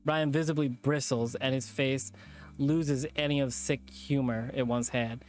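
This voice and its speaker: A man's voice: medium pitch, steady tone, unhurried. Man reading a visual novel aloud. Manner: plain narration with off-script asides.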